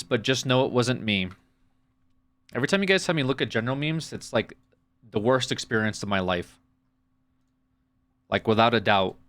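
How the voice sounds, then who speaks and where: A man's voice: medium pitch, fairly bright tone. A man from the United States, streaming live and reacting to chat with sarcastic, profane, rambling rants.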